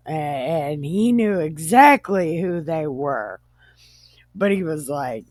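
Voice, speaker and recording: A woman's voice: low-pitched, expressive, slow pace, a little mellow. A woman host retelling a Bible story casually, irreverent and profane, often joking.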